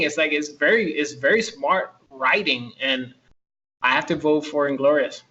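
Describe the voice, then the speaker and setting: A man's voice: on the high side, moderate pace, bright, forceful tone, muffled recording. A man co-hosting a film podcast, talking casually with lots of fillers and swearing. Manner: rambling, profane, many fillers. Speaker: podcast co-host. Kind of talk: casual chat.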